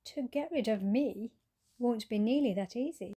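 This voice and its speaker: A tiny flea, smug and teasing, taunts in a lilting sing-song, voiced by a woman reading a storybook. The tone stays soft and mellow rather than bright. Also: fairly high pitch, moderate pace, husky. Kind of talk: storybook character voice.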